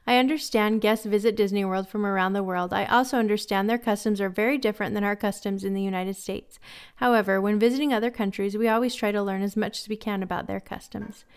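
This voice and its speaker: A woman's voice: mid-range voice, steady tone, fast talker, smooth. A woman hosting a podcast, reading listener stories aloud in a casual chat with frequent laughs. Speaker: podcast host.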